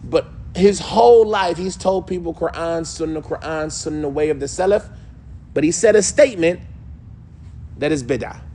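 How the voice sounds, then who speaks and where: A man's voice: high-pitched, creaky, darkish tone, husky. A man teaching a class on a classical text, firing rhetorical questions at the group and answering them himself. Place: mosque hall.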